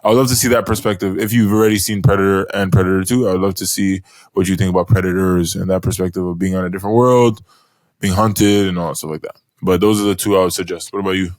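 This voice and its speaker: A man's voice: deep voice, steady tone, fast talker, no room sound. A man co-hosting a podcast in a laid-back casual chat, with lots of fillers. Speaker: podcast co-host.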